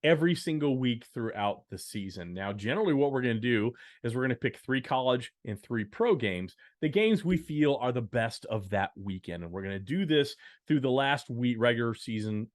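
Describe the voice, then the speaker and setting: A man's voice: mid-range voice, animated, a little fast, hardly any pauses, no echo. A man co-hosting a podcast, upbeat as he announces football picks, with dry asides. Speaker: podcast co-host. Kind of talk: casual sports-picks chat.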